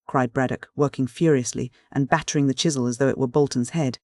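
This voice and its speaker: A man narrating a classic mystery audiobook in a measured, clear reading. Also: medium pitch, steady tone, a little mellow, no echo, clean studio sound. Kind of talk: scripted literary narration.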